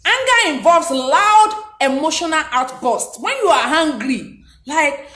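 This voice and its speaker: A woman's voice: high voice, lively intonation, unhurried, fairly bright tone. A woman giving a motivational talk, speaking emphatically and repeating her key points. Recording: roomy echo.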